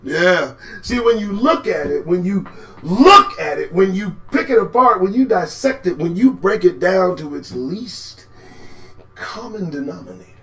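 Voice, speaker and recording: Sarcastic, profane man hosting commentary. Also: a little slow. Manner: animated, sarcastic, swings from low mutters to shouts. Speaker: host.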